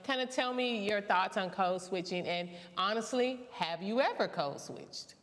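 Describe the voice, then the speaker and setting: A woman's voice: mid-range voice, lively intonation, a little slow, fairly bright tone, in a large hall. A woman moderating a discussion panel, asking encouraging questions.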